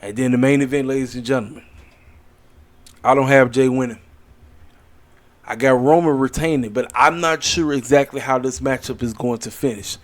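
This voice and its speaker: A tired man talks late at night in a loose, rambling way, trailing into fillers as he goes. He is blunt and opinionated and calls his picks with no hedging. His pitch sits in an ordinary middle range. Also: steady tone, normal speed, long pauses. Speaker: wrestling commentary channel host. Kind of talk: casual solo predictions video.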